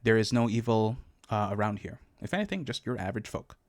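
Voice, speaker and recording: A man narrating as game master of a tabletop game, relaxed and halting, with many fillers. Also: on the low side, dry recording.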